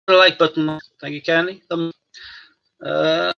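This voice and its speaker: A man's voice: fairly high pitch, unhurried, soft background music. A man hosting a live stream from home, chatting jokily with viewers and his dog. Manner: chatty, jokey, talks to his dog and chat. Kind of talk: casual chat with live chat viewers. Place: home room. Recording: dull lo-fi stream audio.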